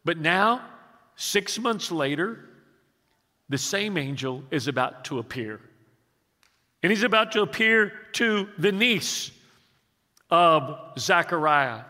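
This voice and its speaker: With a fairly high, animated voice that sounds pushed and bright, a sixty-something pastor preaches in a large hall. His storytelling is full of halting restarts, and he becomes emphatic when he gets to preaching.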